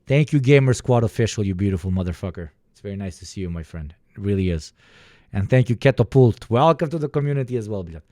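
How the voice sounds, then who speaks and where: A young man streaming to his chat, rambling through a story with plenty of swearing and asides. His voice sits a little low and sounds mellow, recorded close and dry. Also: lively intonation, quick pace, no room sound. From Balkans. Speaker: livestreamer. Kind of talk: casual chat with viewers.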